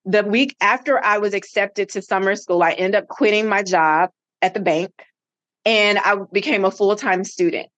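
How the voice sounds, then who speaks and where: A middle-aged woman, a podcast guest, telling a personal story with lively acted-out dialogue. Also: mid-range voice, normal speed. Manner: animated, acts out quoted dialogue.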